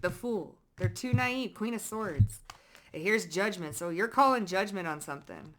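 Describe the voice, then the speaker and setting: A woman talks through a tarot reading in a loose, unscripted monologue. She is blunt and slangy, swears freely, and jumps from loud emphatic outbursts to low muttered asides. Her voice sits at an average pitch for a woman. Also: lively intonation, moderate pace, a little hiss or hum. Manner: swings between loud bursts and muttered asides. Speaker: psychic tarot reader.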